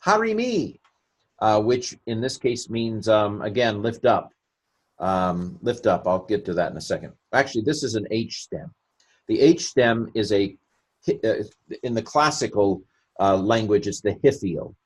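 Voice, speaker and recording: A man's voice: fairly low pitch, a little slow. A man teaching a recorded grammar lecture, chatty and self-mocking, thinking aloud as he explains and adding joking asides.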